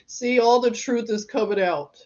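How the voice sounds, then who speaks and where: A woman's voice: on the high side, normal speed, a little mellow, lo-fi sound. A middle-aged woman hosting a casual livestream, telling stories, laughing often and reading out viewer comments. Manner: chatty, laughs often, storytelling.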